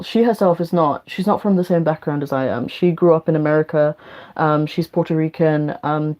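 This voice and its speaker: A woman's voice: low-pitched, dark tone. Swearing, chatty woman on livestream. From England. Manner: chatty, swears freely, rambling with fillers. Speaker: livestreamer and teacher. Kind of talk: casual chat while doing makeup.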